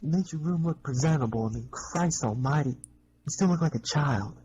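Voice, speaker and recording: A man's voice: fairly high pitch, normal speed, darkish tone, muffled recording. A man taunting and bossing someone around in a mocking tone. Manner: mocking and bossy. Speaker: prank caller. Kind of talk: taunting phone chat.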